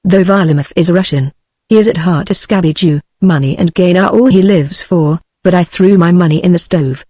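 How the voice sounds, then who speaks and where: A woman's voice: on the low side, fairly quick, warm tone, dry recording, studio quality, natural voice. A British woman's synthetic voice reading a sarcastic bitter man. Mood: scornful. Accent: British English.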